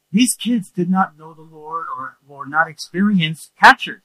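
A male preacher telling a story in a sermon, animated and acting out the scenes with shouts. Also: on the high side, measured pace, few pauses, no echo, poor audio.

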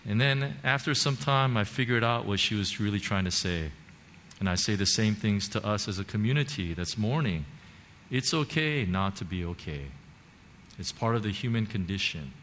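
A man's voice: lowish voice, lively intonation, moderate pace, a bit bright. A man preaching a sermon as pastor, earnest and repetitive, with many fillers and restarts. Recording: long hall reverb, faint background noise.

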